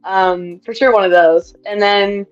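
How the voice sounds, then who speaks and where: A young woman chats excitedly, trailing off and restarting her sentences. Her voice comes through a dull, lo-fi connection, with faint music behind her. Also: medium pitch, a little slow. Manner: excitable, uses filler words and restarts. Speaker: co-host, racer. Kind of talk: casual chat. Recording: dull lo-fi audio.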